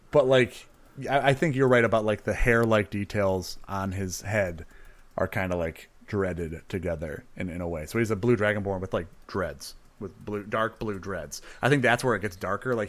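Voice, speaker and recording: A man's voice: on the low side, normal speed. Joking man from California. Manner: joking, throws in surfer slang. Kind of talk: casual chat.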